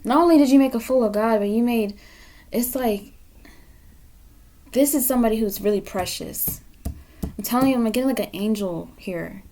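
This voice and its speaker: A woman's voice: a little high, moderate pace, long pauses, mellow. A woman doing a pick-a-card tarot reading, scolding the viewer bluntly with frequent swearing. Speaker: tarot reader.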